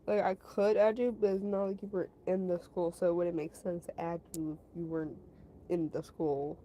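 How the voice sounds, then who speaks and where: A woman's voice: on the low side, little pitch movement, moderate pace, dark tone, rough recording. A woman casually telling a story to her stream chat, rambling, repeating herself and padding her talk with fillers. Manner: talks to her chat between story parts.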